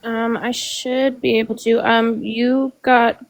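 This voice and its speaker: Female co-host, higher voice, gravelly fry, short casual replies. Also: flat delivery, takes it slowly. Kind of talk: casual livestream chat.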